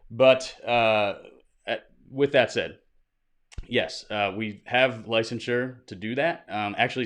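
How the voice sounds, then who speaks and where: A man with a somewhat low voice hosts a relaxed weekly livestream. He reads out viewer questions and answers them conversationally, with filler words and an upbeat tone. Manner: upbeat greeting viewers by name. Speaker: host of a weekly crypto livestream. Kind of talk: casual livestream Q&A.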